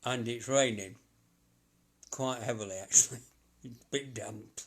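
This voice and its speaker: A psychic medium chats casually on a live stream, rambling and halting as he chuckles to himself. His voice is medium in pitch with a breathy edge.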